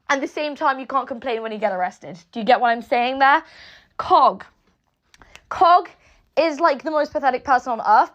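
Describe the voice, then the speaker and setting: A woman's voice: high voice, fairly bright tone. A woman ranting casually online, swearing constantly, rambling and laughing, mocking others in quoted voices. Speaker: online commentator. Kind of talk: casual rant to camera.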